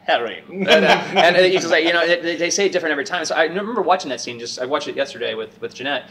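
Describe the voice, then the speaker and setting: A man chatting casually as a podcast co-host and stage actor, rambling and joking, with animated bursts when he quotes people. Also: a little high, rapid-fire, vocal fry. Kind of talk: casual chat. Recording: distant mic with faint noise.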